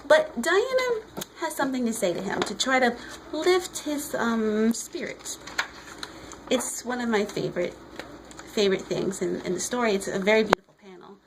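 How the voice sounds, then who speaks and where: A woman giving an excited, casual comic review while standing, often restarting her sentences. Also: a little high, moderate pace, noisy background.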